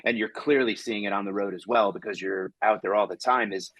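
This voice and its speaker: A male comedian hosting a podcast, talking in a rambling, animated way and acting out quoted exchanges as he tells a story. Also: lowish voice, a little fast, no echo, poor audio. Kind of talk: casual chat.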